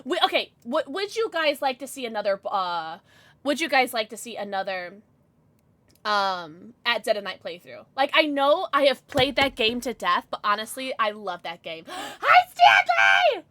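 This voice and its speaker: A woman's voice: on the high side, expressive, moderate pace, sharp tone, dry recording. Bubbly young woman streamer. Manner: chatty, bubbly, squeals when reading chat. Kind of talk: casual live-stream chat.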